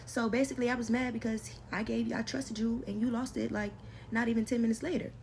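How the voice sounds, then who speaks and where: A woman's voice: fairly high pitch, fairly even intonation, quick pace, creaky, a little mellow, slight background noise. A young adult woman telling her own story in a casual storytime vlog, slangy and emphatic, repeating lines for effect.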